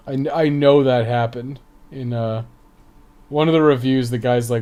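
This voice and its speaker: A man's voice: medium pitch, normal speed, warm tone, smooth. A man streaming a video game live, reading the on-screen text aloud and swearing often.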